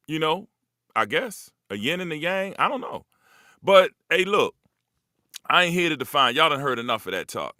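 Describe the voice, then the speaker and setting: A man's voice: medium pitch, pushed and bright, dry recording, studio quality. Profane, rambling man hosting a live talk. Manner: loose, profane, rambling, streetwise. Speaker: host. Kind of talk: casual monologue to a live audience.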